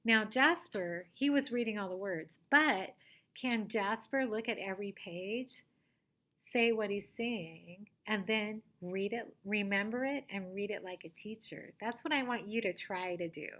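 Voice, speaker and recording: A woman teacher giving a reading lesson to young children, patiently asking them questions and sometimes dropping to a soft whisper. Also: medium pitch, measured pace.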